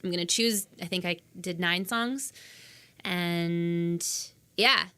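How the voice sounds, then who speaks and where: A woman's voice: fairly low pitch, slow pace, sharp tone, clean tone. A young adult woman from Canada, a singer-songwriter guest chatting casually on a podcast, laughing easily and poking fun at herself.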